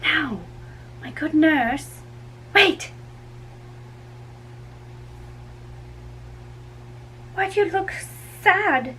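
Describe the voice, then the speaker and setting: Woman reading an impatient young girl in love, pleading softly, bright voice. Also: sits high, animated, takes it slowly, a little hiss or hum, exaggerated voice, rough recording. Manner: pleading, pressing. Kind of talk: dramatic reading.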